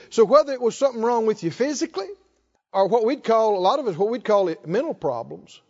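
A man's voice: high-pitched, animated, fast talker, darkish tone, in a large hall, highs cut off. A middle-aged man preaching a sermon, emphatic, drawing out key words and prompting the congregation to answer. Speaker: pastor. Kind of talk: sermon with call-and-response.

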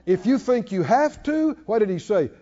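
A man's voice: high-pitched, animated, normal speed, mellow, long reverb tail, lo-fi sound. A man preaching a sermon, emphatic and calling out to the congregation. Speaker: pastor.

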